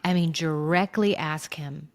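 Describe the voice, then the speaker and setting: A woman's voice: low-pitched, measured pace. A woman co-hosting a podcast, affirming and responding to a story in casual chat. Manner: affirming listener, warm agreement. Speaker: podcast co-host.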